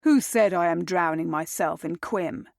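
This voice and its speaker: A woman's voice: on the low side, unhurried, gravelly, no room sound, clean studio sound. A woman voicing a brooding young viscount who answers grimly and curtly, in a read romance novel. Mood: irritated. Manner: grim, curt.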